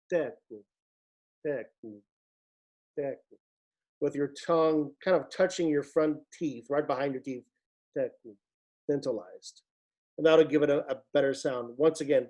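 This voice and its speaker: A man with a mellow, slightly high voice leads an online choir rehearsal. He patiently explains Latin diction, demonstrating each sound as he goes.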